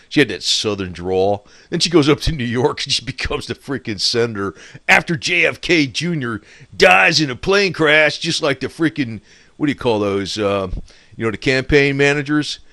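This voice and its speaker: A man's voice: medium pitch, fairly bright tone, no echo. A man in a rambling, profane casual monologue, laughing often and talking with loose scorn. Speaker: political commentator.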